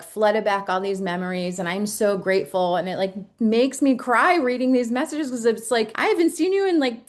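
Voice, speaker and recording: A woman in her forties, a dance studio owner, chatting as a podcast guest in a chatty, grateful way with many fillers. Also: mid-range voice. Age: 40s. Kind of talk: casual podcast chat.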